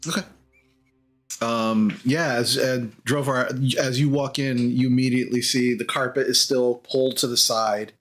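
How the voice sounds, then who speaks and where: Halting man running a tabletop game. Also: medium pitch, fairly even intonation. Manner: halting, full of "uh" and "like". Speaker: dungeon master. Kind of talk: narrating a tabletop game on a live stream.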